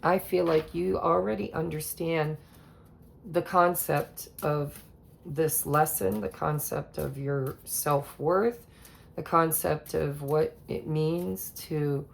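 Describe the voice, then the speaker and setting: A woman gives a casual tarot reading in an unhurried, easygoing way, drawing words out with soft laughs and pauses. Her voice sits a little low and carries a heavy gravelly fry, and she speaks very slowly. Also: a little hiss or hum. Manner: slow, relaxed, with soft laughs and trailing pauses. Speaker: tarot reader.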